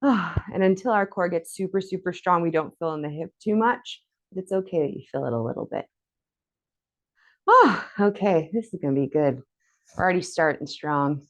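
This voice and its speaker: A woman with a fairly low voice leads a guided core workout, counting out reps and cheering the listener on. She sounds slightly breathless, as if she is doing every move herself. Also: expressive, moderate pace. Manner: encouraging, counts reps aloud. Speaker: fitness instructor.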